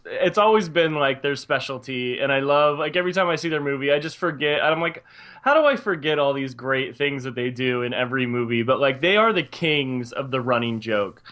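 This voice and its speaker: A man joins a casual podcast film chat, speaking enthusiastically in quick bursts with the odd laugh. His voice has an ordinary mid pitch. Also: expressive, fairly bright tone. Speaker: podcast co-host. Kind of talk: casual movie review chat.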